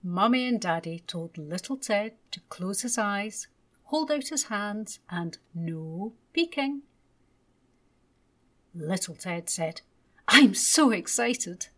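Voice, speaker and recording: A woman gently and expressively reading a children's bedtime story aloud. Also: mid-range voice, expressive, slow pace.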